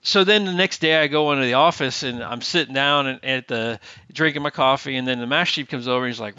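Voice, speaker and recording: A man's voice: mid-range voice, fairly quick, clean tone, dry recording. A middle-aged man telling a story in a casual interview. He acts out the dialogue of the people in it. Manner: lively storyteller who acts out quoted dialogue. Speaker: guest, Navy veteran. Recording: dull lo-fi remote audio.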